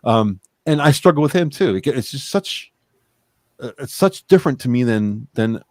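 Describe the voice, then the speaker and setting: A man's voice: mid-range voice, expressive, normal speed, darkish tone, dry recording, studio quality. A man co-hosting a podcast in casual chat, rambling and blunt, swearing freely. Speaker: podcast co-host.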